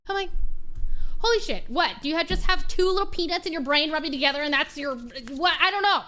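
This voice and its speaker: Young woman, high voice, bright tone, casual rant, swears a lot, streamer chat. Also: expressive, brisk. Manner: ranting storytelling, swears freely.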